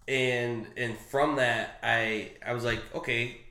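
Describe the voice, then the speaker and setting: A man chatting casually about a comic, rambling and halting with fillers and restarts. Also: medium pitch, fairly even intonation, sharp tone, echoey room. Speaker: co-host discussing a comic. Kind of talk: casual chat.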